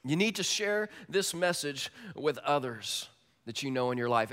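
A man pastor preaching a sermon, emphatic and swinging between loud preaching and soft, intimate asides. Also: mid-range voice, expressive, unhurried. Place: church auditorium. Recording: echoey hall reverb.

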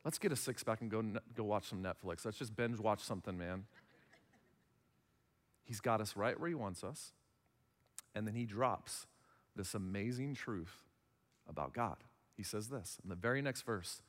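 A man's voice: lowish voice, normal speed, long pauses, in a large hall. A man in his thirties preaching a sermon as pastor, conversational, acting out little dialogues. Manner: conversational, acts out little dialogues in other voices.

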